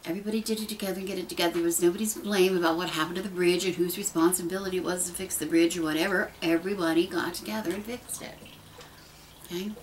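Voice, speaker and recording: A woman's voice: fairly low pitch, steady tone, fast talker, slight background noise, low-quality recording. A middle-aged woman speaking earnestly and casually to her camera, rambling with restarts as she shares heartfelt thoughts. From United States. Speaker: pagan vlogger. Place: dim room at home. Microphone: camera mic.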